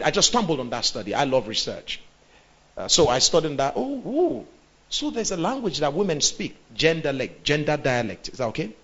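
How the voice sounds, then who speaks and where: A male pastor teaching a sermon on relationships, animated, acting out voices and checking in with his listeners. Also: mid-range voice, highs cut off. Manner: animated, acts out quoted voices, checks in with the audience.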